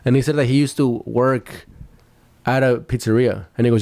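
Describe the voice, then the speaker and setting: A man's voice: mid-range voice, moderate pace, a little mellow. A man co-hosting a podcast in casual chat, rambling through stories with lots of "like". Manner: rambling storyteller, lots of fillers. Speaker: podcast co-host.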